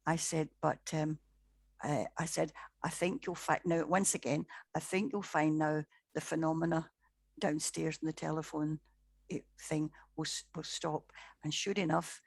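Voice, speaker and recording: A woman's voice: fairly low pitch, creaky, breathy edge, dry recording. A woman, a paranormal investigator, telling case stories in a chatty way, often repeating words and acting out what people said. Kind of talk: anecdotal storytelling in conversation.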